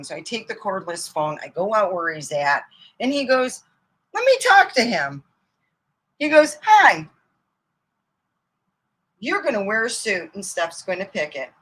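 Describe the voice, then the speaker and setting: A woman's voice: fairly high pitch, a bit bright, rough recording. A middle-aged woman telling rambling, profane comic stories from her own life and laughing at them as she goes. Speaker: comedian. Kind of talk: casual storytelling monologue.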